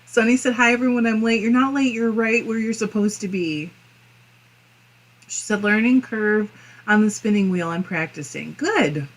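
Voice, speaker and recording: A woman's voice: on the high side, moderate pace. Giggly woman reading out live chat. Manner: giggly, often laughing and coughing between comments. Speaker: fiber arts channel host. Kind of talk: casual livestream chat, reading viewer comments aloud.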